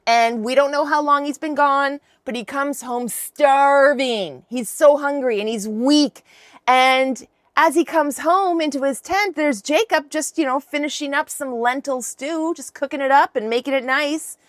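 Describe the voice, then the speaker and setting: Chatty high-voiced woman retelling a story. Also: unhurried, no echo, studio quality. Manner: chatty, slangy, wry asides. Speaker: podcast host. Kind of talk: casual Bible retelling.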